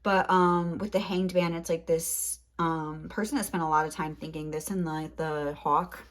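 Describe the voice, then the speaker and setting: A young woman with a deep voice gives a casual tarot reading, rambling and leaning heavily on "like" while sounding a little out of breath. Her intonation is fairly even and her pace moderate.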